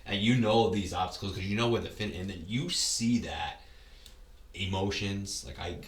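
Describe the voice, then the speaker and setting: A man's voice: lowish voice, moderate pace, roomy sound, far from the mic. A man talking as a podcast guest in casual conversation, rambling and often restarting his words. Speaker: podcast guest, ultra race runner.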